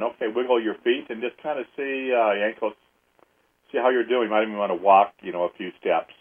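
Man, low and unhurried, leads a healing session with steady counting over a tinny phone-like line. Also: husky. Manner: slow, steady counting aloud. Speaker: energy healing host. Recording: phone-like narrow audio.

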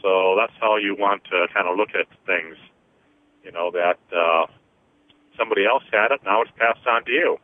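A man hosting a call-in radio show, slowly counting through energy clearings and explaining them with many fillers. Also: low voice. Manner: slow, deliberate counting with frequent fillers. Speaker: host, energy healer. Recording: tinny phone-line radio sound.

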